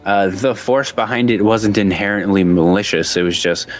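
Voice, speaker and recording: A man narrating as game master in a tabletop game, lively and quick to laugh. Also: fairly low pitch, soft background music.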